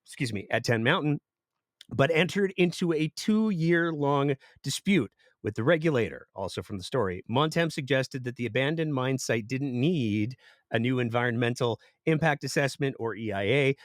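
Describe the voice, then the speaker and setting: A man's voice: mid-range voice, animated, normal speed, no room sound, studio quality. A man hosting a political commentary podcast, reading news excerpts aloud and adding sarcastic remarks. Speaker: podcast host.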